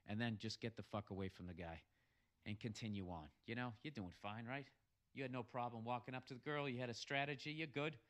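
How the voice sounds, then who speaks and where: A man's voice: mid-range voice, brisk. A man telling a crude, comic bar story and giving blunt advice, swearing freely. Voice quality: loud and crude, swearing often. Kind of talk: profane comedic storytelling.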